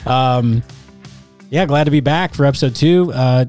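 A man hosting a casual podcast, his voice slightly hoarse from a recent illness, chatty and quick to laugh. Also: mid-range voice, soft background music. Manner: laughs often, relaxed and chatty. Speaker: podcast host, church worship director.

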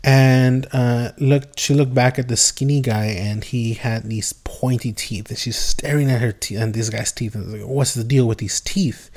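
A man's voice: medium pitch, steady tone, unhurried, few pauses, a little mellow. A man hosting a podcast, telling a spooky story in a loose, rambling way with many fillers and restarts. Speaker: podcast host. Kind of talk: casual storytelling.

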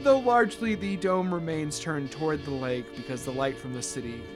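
A man's voice: on the high side, moderate pace, over music. A man narrating as game master in a casual, rambling way with many fillers and some swearing.

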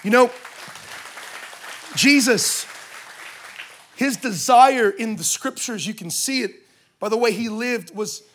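High-voiced man telling a funny sermon story. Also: slow, pauses often, some chatter behind. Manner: lively, joking, conversational asides. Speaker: speaker at a church service. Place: in front of a live audience in a room.

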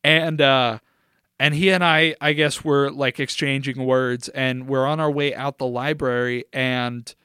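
A man's voice: mid-range voice, steady tone, measured pace, sharp tone, clear, resonant tone, dry recording, clean studio sound. A young man co-hosting a podcast, telling a rambling, profane story in casual chat and laughing along the way. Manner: profane, rambling, laughs through his stories. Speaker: podcast co-host.

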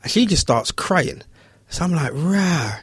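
A man's voice: unhurried, slightly rough, no room sound, studio quality. A man, a barber telling a story in casual chat and acting out the voices of the people in it. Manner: animated, acts out voices in high pitch.

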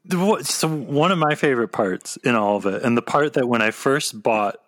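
A man's voice: mid-range voice, expressive, moderate pace, a bit bright, no echo, studio quality. A man hosting a casual interview, asking questions eagerly like a fan. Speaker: podcast host.

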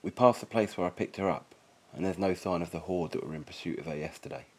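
Deep, husky man reading a story. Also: quick pace, darkish tone. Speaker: narrator. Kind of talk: first-person story reading.

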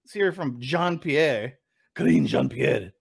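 A man delivers a heated commentary rant, swearing freely and dripping with sarcasm. His voice is a touch high and swings widely in pitch as he mocks what he has just played. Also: expressive, slow, creaky, breathy edge. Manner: profane, sarcastic, incredulous; mocks clips with mimicking voices. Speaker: commentary host. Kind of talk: ranting political commentary.

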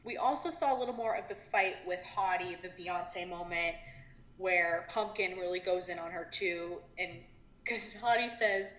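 A woman's voice: on the low side, normal speed, fairly bright tone. A young woman co-hosting a casual podcast, chatty, full of fillers, swearing and acting out quotes. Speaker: podcast co-host. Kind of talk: casual chat recapping a reality show. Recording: roomy echo.

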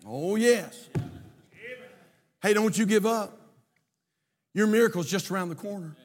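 A man's voice: high voice, measured pace, in a large hall. A man preaching a sermon as pastor, building his points with emphatic, rising repetition in a church sanctuary.

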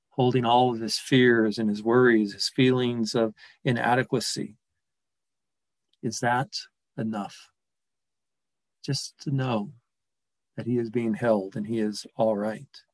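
A man preaching a sermon in a gentle, reflective way, slowing and softening his voice on key words. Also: medium pitch, no room sound, poor audio. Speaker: pastor.

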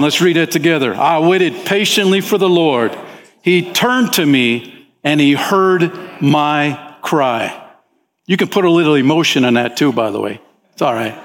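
A man preaching as a pastor, talking with the congregation in an easygoing way and often saying "man", and his pitch rises sharply when he voices desperate pleas. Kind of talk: sermon. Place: church sanctuary. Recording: long hall reverb in a church.

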